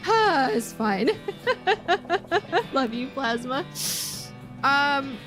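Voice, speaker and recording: High-voiced giggly woman streamer. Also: sing-song, very slow, music in the background. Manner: giggly, rambling, talks to chat. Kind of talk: live gameplay stream chat.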